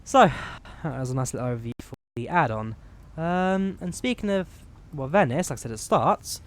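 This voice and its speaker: A man's voice: on the high side, normal speed. Chatty man explaining a flight sim. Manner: relaxed, chatty, explains as he clicks. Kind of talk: casual gameplay commentary.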